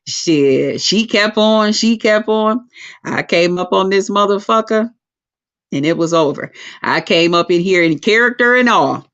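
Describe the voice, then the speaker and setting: A woman hosting a casual livestream chat, telling stories in a profane, animated way. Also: medium pitch, unhurried. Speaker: livestream host. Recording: lo-fi dull sound.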